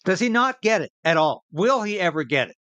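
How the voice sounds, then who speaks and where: A man's voice: on the high side, big pitch swings, normal speed, bright, forceful tone, no echo. A Canadian man tears into interview clips with indignant sarcasm. His voice swings up and down as he talks. The sound is dry and close, with no room around it. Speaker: political commentary host. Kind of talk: angry political commentary over clips.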